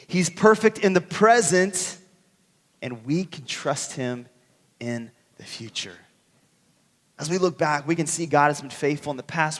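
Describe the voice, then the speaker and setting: A man preaching from a church stage, telling a story with animated energy and slipping into the voices of the people in it. His voice sits a little higher than most men's, and a long church reverb trails after every phrase. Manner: animated storytelling, acts out dialogue. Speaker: pastor. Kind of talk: sermon with personal story. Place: church sanctuary.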